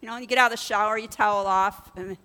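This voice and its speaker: A woman's voice: mid-range voice, steady tone, fast talker, bright, forceful tone, in a large hall. A middle-aged woman pastor preaching in a chatty, conversational way, telling a personal story and asking her congregation questions. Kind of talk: sermon with personal stories.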